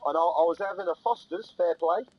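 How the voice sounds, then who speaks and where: A man's voice: sits high, a little fast, slightly rough, highs cut off. A man voicing a brash Australian bloke caricature with a mock Australian accent and exaggerated slangy drawl. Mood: boastful. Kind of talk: improvised comedy bit.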